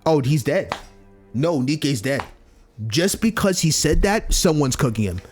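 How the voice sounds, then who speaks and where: Excitable young streamer, slangy, lively pitch, faint music behind. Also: male voice, a little slow. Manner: excitable, slangy, laughs often. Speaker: let's play streamer. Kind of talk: game commentary, reading dialogue aloud.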